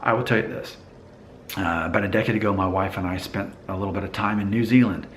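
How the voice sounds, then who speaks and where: Low-voiced American man musing casually. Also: steady tone, fast talker, reverberant, slight background noise. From United States. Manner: thoughtful, hesitant, with many fillers and restarts. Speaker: vlogger. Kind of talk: casual talk to camera.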